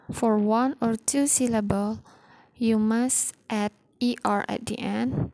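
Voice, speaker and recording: A woman's voice: a little high, fairly even intonation, takes it slowly, mellow, dry recording, poor audio. A woman teacher explaining English grammar step by step, reading example sentences in simple, non-standard phrasing. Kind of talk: recorded grammar lesson.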